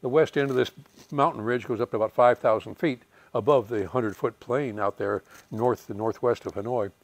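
A man in his eighties, a retired fighter pilot telling lively war anecdotes, chuckling and acting out the voices of people he quotes. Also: mid-range voice, brisk, no echo. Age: 80s. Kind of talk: storytelling anecdotes.

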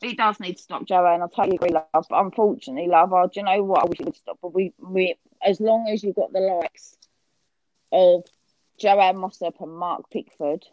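Woman, livestream host, casual and sweary, lower voice, dry lo-fi audio. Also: fairly even intonation, normal speed, darkish tone, no room sound. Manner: chatty, swears freely, calls people darling.

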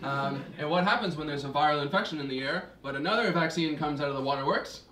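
A young man doing a stand-up set, halting with lots of fillers and restarts. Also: on the high side, bright, forceful tone. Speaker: stand-up comedian. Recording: roomy, distant mic, hissy noise.

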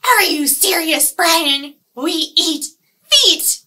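A woman voicing an angry pack of piranhas, shouting indignantly in a picture-book read-aloud. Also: extremely high pitch, animated, drawn-out words, pitched above the performer's own voice, full character voice.

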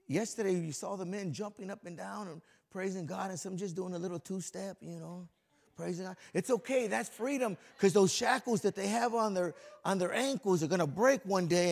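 A middle-aged man preaching a lively, folksy sermon as a pastor, joking with the congregation and swinging between soft and loud. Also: high voice, vocal fry. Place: church sanctuary before a congregation.

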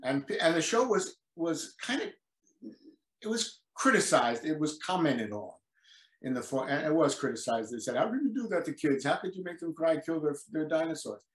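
Recorded in an echoey room, a veteran actor, now an older man, appears as a guest in a relaxed interview. His voice sits on the high side at a moderate pace as he animatedly tells stories and performs old quotes.

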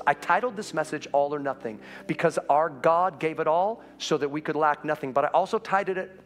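A man preaching a sermon in a church sanctuary, his voice somewhat high. He swings between hushed low passages and urgent, climbing appeals. Soft music plays faintly underneath. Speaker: pastor.

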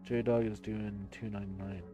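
A man hosting his own live stream, talking in an animated, chatty way with casual swearing. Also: on the low side, takes it slowly, muffled recording, over music.

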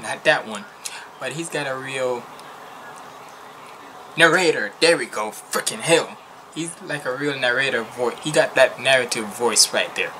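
A man's voice: mid-range voice, noisy background. A man hosting a reaction channel, chatting casually in a loose, slangy way that often restarts mid-sentence.

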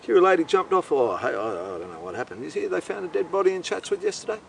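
A man's voice: high-pitched, big pitch swings, fast, creaky, far from the mic, very noisy. A man with an Australian accent telling a meandering, profane, incredulous comic story. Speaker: host. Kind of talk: rambling comic monologue.

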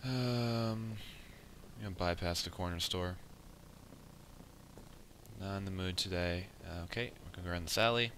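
Young male let's player, deep and edgy, easily annoyed, swears constantly; faint background hiss. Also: moderate pace, pauses often, a bit bright. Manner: frustrated, swears often, mutters at the game. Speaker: let's play gamer. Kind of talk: casual gameplay commentary.

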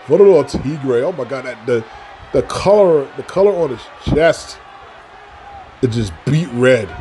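A man giving excitable play-by-play commentary on a wrestling video game, repeating phrases and breaking into shouts at big moves. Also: medium pitch. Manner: repeats phrases and restarts mid-call. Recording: loud game crowd and noise behind. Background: video game arena crowd noise.

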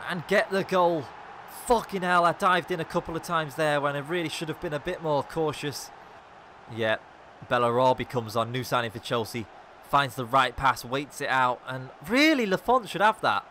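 A young man commentates on his own football game in a bright, forceful voice, muttering one moment and yelling the next. His swearing runs right through it. A faint hiss sits under the recording. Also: mid-range voice. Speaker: gaming YouTuber. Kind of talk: live gameplay commentary.

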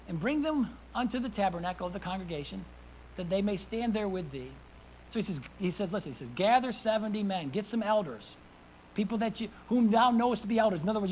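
A man preaching a sermon as pastor. He reads scripture aloud, calls out to the congregation for responses, and swings from hushed whispers to loud emphasis. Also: sits high, slight background noise, poor audio. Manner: reads scripture in old-fashioned wording.

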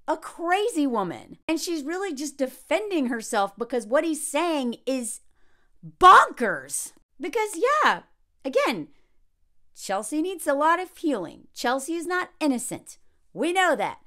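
A woman's voice: high voice, fairly bright tone. A woman from the American South giving blunt, sarcastic commentary on a reality TV show and laughing often. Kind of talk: casual reaction commentary.

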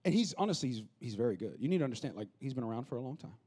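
A pastor preaching a lively, humorous sermon, acting out the people he quotes. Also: mid-range voice, rapid-fire. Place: church auditorium.

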